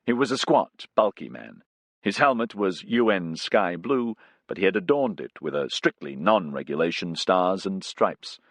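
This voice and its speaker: Expressive low-voiced male audiobook narrator. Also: dry recording, clean studio sound.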